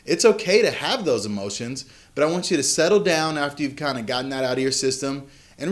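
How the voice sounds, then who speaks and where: A man's voice: medium pitch, expressive, brisk. A man in his thirties, a father and vlog host, telling an earnest, candid personal story about his sons. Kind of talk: reflective personal story to camera.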